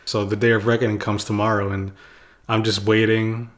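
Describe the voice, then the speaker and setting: A man's voice: lowish voice, level tone, a little fast. A young man casually telling a childhood story to his viewers in a loose, rambling way, with lots of "like" and chuckles. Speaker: vlogger.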